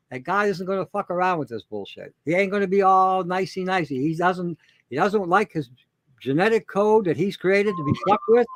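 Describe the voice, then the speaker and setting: A man from Canada speaking as a guest in a blunt, emphatic, heavily profane rant. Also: high voice. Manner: emphatic, repetitive, swears heavily. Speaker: guest, show host himself.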